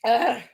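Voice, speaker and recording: A woman co-hosts a live cooking stream, chatting casually and reading viewer comments aloud. She laughs a lot and fills her talk with "like" and "y'all."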